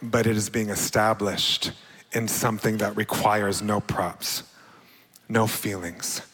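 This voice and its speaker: A man giving a personal testimony sermon, telling his story with his voice climbing high as he acts out his own past words. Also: fairly even intonation, slow pace, a bit bright, breathy edge. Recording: long hall reverb.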